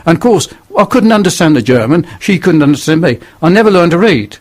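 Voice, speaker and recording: An older man with a northern English accent and a slightly higher voice tells his story to a radio host. He speaks bluntly and earnestly. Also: very animated, fairly quick. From northern England. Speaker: radio guest. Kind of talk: testimony on radio.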